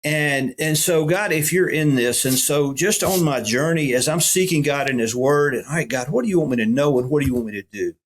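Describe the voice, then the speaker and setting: A man's voice: fairly high pitch, fairly quick, hardly any pauses, a little hiss or hum. A middle-aged man with a Southern US accent, a pastor telling folksy stories in a podcast interview. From Alabama. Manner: folksy, animated when quoting others.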